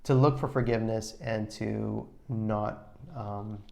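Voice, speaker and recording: A man co-hosting a podcast with his wife, talking in a measured, reflective way with frequent restarts. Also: lowish voice, steady tone, vocal fry, mellow. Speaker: podcast co-host, husband. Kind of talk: casual advice chat.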